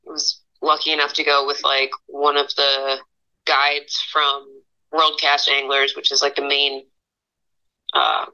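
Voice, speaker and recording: A woman in her thirties from Pennsylvania, a guest artist telling stories in a casual interview, animated and laughing often, with lots of fillers. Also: very deep voice, slow, highs cut off. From Pennsylvania, USA.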